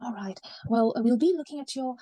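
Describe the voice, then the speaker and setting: Brief: woman in a role-play as a polite doctor, slightly high, mellow voice. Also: brisk. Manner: polite, reassuring, many fillers. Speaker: student doing a mock consultation. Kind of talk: role-play clinical consultation.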